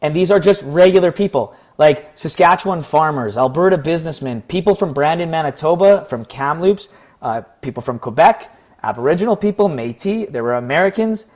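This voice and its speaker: Earnest young Canadian man, slightly hoarse. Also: fairly high pitch, lively intonation, brisk, darkish tone. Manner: earnest, rambling, acts out quoted exchanges. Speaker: vlogger. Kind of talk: casual reflective storytelling.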